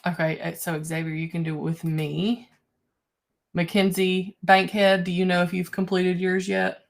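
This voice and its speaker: A young woman teaching an online class, her voice sitting a little low for a woman. She talks in a relaxed, chatty way, stretching out her prompts to students. The sound comes through a computer mic on a video call. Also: normal speed, creaky.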